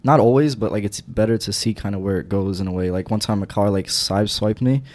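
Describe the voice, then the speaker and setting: A man with a fairly low voice chats casually, his stories full of fillers and loose turns. His talk stays relaxed and conversational. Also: fast talker. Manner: loose, filler-heavy storytelling. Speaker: cyclist in conversation. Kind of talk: casual chat.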